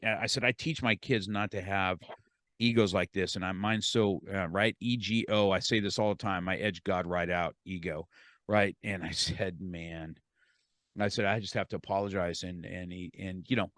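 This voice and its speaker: Low-voiced man telling a story animatedly. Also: moderate pace, dry recording. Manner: animated storyteller, repeats words, quotes himself and others. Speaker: podcast guest. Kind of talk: storytelling in a podcast interview.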